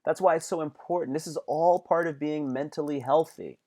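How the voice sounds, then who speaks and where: A man's voice: fairly high pitch, fairly quick, mellow. A man hosting a live stream, giving casual motivational talk in slangy speech that repeats phrases and acts out angry outbursts.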